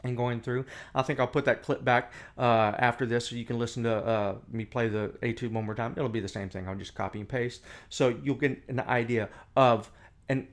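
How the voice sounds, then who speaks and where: A man explains phrasing in a relaxed, conversational teaching voice. He breaks into scatted nonsense syllables to show the melodies. The sound comes from a camera mic in an indoor room. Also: medium pitch, moderate pace. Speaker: music teacher. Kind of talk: casual instructional talk.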